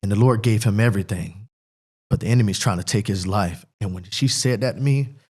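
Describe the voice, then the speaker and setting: A man's voice: on the low side, brisk, darkish tone, slightly rough. A middle-aged man from Pennsylvania, a former football player as guest, telling an emotional personal testimony in a rambling, earnest way that keeps repeating itself.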